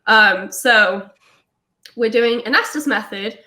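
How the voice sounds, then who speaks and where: Bright-voiced young woman telling a ghost story. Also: slow pace. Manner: excitable, acts out quotes in a high voice. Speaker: guest, paranormal investigator. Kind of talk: casual storytelling on a talk show.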